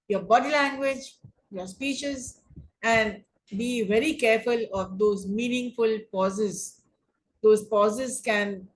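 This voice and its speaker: A woman teaching an online English class on debating, speaking deliberately and often rephrasing her points. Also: a little high, low-quality recording. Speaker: English lecturer.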